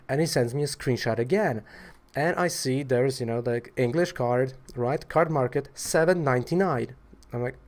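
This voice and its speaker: A man's voice: mid-range voice, moderate pace. A man from Poland tells a story in a casual vlog, rambling with lots of fillers in a wry, exasperated way. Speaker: trading card seller telling a story.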